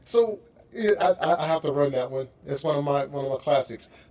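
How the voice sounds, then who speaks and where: A man's voice: fairly high pitch, normal speed, darkish tone. A man hosting a radio show, chatting casually and animatedly with his guest, laughing and mimicking voices. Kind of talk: casual interview chat.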